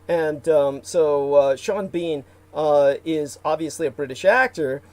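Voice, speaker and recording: A man's voice: fairly high pitch, measured pace, darkish tone. A man hosting a casual livestream, rambling with many fillers and restarts and reading out viewer comments. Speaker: livestream host.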